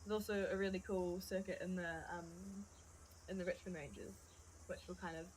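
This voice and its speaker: A woman's voice: on the low side, level tone, normal speed, darkish tone, slight background noise, low-quality recording. A young woman, chatting casually as an interview guest about hiking, with many fillers and frequent laughs. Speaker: guest, hiker.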